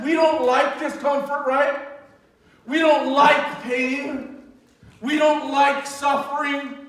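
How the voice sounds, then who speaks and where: A woman giving an emphatic sermon to a youth group, asking rhetorical questions and sometimes shouting. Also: high-pitched. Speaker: youth retreat speaker. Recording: very echoey hall, distant voice.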